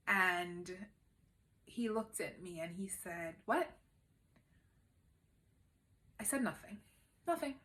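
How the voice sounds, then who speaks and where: A woman vlogger candidly telling a personal story at home, emotional and at times quiet and subdued. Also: fairly low pitch, lively intonation, slow pace, long pauses.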